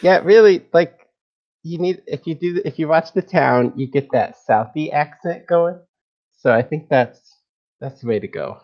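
A man's voice: on the high side, animated, unhurried. A man hosting a game stream, chatting casually and laughing often. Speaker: stream host. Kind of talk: casual chat. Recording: slightly dull mic.

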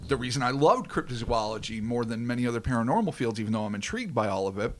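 A man co-hosts a loose, casual podcast and tells stories with lots of swearing and energy. His voice sits at an ordinary mid pitch. He talks in a relaxed, chatty way. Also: fast. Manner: profane, animated storyteller. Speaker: podcast co-host. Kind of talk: casual chat.

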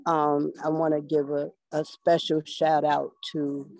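Slow, halting woman close to tears. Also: low voice, flat delivery, darkish tone, no room sound, rough recording. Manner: halting, restarts, fighting back tears. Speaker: class participant. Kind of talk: emotional thank-you on a group call.

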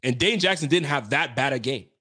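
A man's voice: mid-range voice, expressive, brisk, bright, forceful tone, breathy edge. A young man hosting a sports podcast, giving a frustrated, slangy postgame rant that keeps repeating its points.

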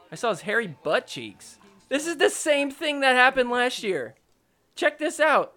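A man hosting a podcast, recapping pickleball matches over footage in a casual, jokey, excitable way and mock-quoting the players. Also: very high voice, normal speed.

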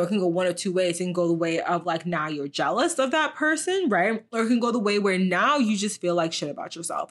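A woman with a fairly low voice hosts her own podcast. She talks to her listeners in a candid, self-reflective way, full of fillers and restarts. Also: a bit bright. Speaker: podcast host. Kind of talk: reflective casual monologue.

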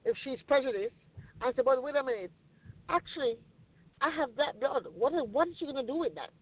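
A speaker from Jamaica with a Jamaican accent, telling stories in an animated way with frequent restarts. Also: high voice, brisk. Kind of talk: casual podcast conversation. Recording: tinny phone-line recording, dry.

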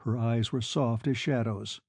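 A man narrating a classic novel in a measured, unhurried reading. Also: mid-range voice, fairly even intonation, a little mellow, no echo, studio quality. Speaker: audiobook narrator.

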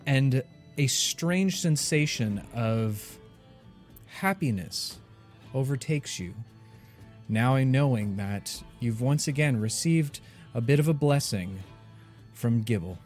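A man narrating as game master in a tabletop game, relaxed and halting, full of ums and restarts. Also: mid-range voice, soft background music. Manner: relaxed, halting with many fillers.

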